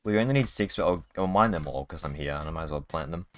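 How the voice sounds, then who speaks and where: A man's voice: a bass voice, fast. A man streaming a video game live, chatting casually in a rambling way with many restarts. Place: home streaming setup.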